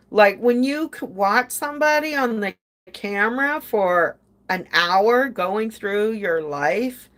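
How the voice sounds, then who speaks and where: Slow-talking older woman, indignant storyteller. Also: medium pitch, fairly bright tone. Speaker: podcast host. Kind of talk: casual storytelling.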